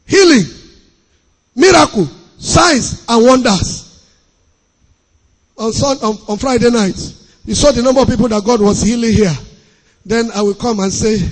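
High-pitched pastor preaching in a hall. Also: male voice, unhurried, long pauses. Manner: emphatic preaching with repetition and sudden shouts. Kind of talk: sermon. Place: church hall. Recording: long hall reverb.

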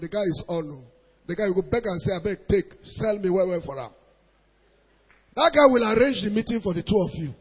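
Nigerian man, middle-aged, husky high-voiced preacher, dull lo-fi hall recording. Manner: animated storytelling in Nigerian Pidgin mixed with English, acting out voices. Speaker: pastor. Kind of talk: preaching sermon to a congregation.

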